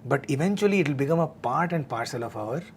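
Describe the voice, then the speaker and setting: A man talking earnestly about meditation and cheerfulness, often pausing with fillers. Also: on the high side, expressive, a little hiss or hum. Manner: earnest, frequent fillers and restarts. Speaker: devotional talk speaker. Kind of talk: conversational spiritual talk.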